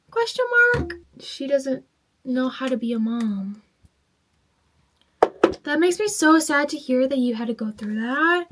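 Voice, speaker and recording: A woman's voice: high-pitched, background noise. A tipsy woman vlogger reading online stories aloud while doing her makeup, chatty and swearing freely as she reacts to each story.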